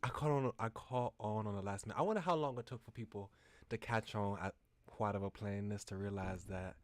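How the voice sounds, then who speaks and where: A young man streamer reading a visual novel aloud with live commentary, giggly and easily flustered. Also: lowish voice.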